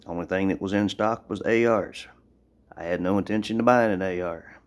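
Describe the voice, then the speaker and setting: A man's voice: deep voice, moderate pace. A man from Tennessee talking casually into his phone, rambling through a gun review with blunt opinions. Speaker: gun owner vlogger.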